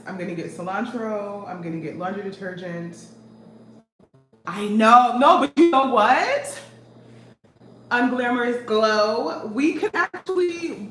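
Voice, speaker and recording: Young woman, casual vlogger, animated and chatty, recorded from a distance in an echoey room with noise behind. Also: mid-range voice. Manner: chatty, animated, reading comments aloud. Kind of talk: casual vlog chat.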